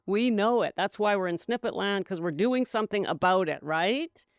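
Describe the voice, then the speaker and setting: Woman, middle-aged, podcast host, sarcastic, giggly, smooth voice, dry close sound. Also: mid-range voice, moderate pace, dry recording. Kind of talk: casual sobriety talk.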